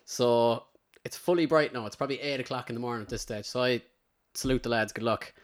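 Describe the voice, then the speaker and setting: A man's voice: medium pitch, fast talker. Irish man telling a rambling story. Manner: rambling storyteller, slips into character quotes. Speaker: podcast host. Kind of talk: casual anecdote telling.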